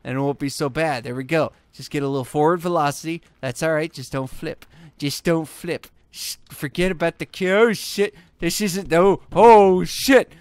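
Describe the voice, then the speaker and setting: A young man hosting a gaming video, giving casual gameplay commentary and swearing and yelling at the game as he plays. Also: fairly high pitch, moderate pace, no room sound. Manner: excitable, swears and yells at the game.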